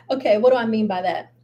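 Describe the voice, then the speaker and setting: An older woman with grandchildren hosts a casual live stream, greeting her viewers directly with plenty of chatter and laughter. Her voice is fairly high and warm.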